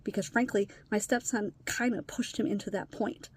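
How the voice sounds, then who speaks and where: A woman's voice: mid-range voice, steady tone, normal speed, husky. A woman talking bluntly in a candid personal vlog, upset and emotionally worn, swearing casually. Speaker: vlogger.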